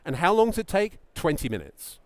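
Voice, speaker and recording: Animated, emphatic male pitch coach. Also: a little fast, dry recording. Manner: animated, emphatic, acts out mock founder quotes. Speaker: pitch coach giving a talk. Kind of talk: presentation talk to founders.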